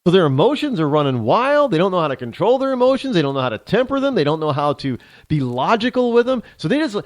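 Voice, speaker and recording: A man's voice: sits high, sing-song, fast, no echo. A male talk show host delivering a sarcastic, ranting opinion monologue, switching into mock voices.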